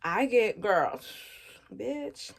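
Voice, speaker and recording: A woman's voice: medium pitch, lively intonation, extremely slow, vocal fry, slightly rough. A woman in her twenties giving frank, slangy advice in a casual vlog chat, often laughing at her own jokes. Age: 20s. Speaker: vlogger.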